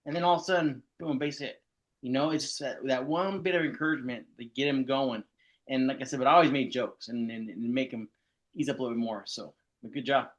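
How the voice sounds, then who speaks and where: A man who is a softball coach, talking casually and easygoingly, joking and rambling with restarts. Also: mid-range voice, fast, lo-fi sound. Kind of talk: casual chat.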